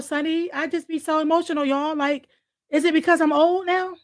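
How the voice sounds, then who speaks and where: A high-pitched woman hosting a casual talk show. She speaks candidly and emotionally, with plenty of slang and cursing. Her voice is close and dry, with no room sound. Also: fairly even intonation, brisk, no room sound. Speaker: host. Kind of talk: casual chat.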